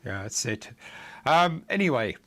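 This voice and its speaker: A man's voice: mid-range voice, sing-song, unhurried, bright, forceful tone. A middle-aged man chatting unhurriedly on a live coding stream. He rambles, laughs to himself and restarts his sentences. When the code misbehaves he mutters in exasperation. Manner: rambling and chuckling, with frequent fillers and restarts; exasperated muttering while debugging. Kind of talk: casual live-stream chat.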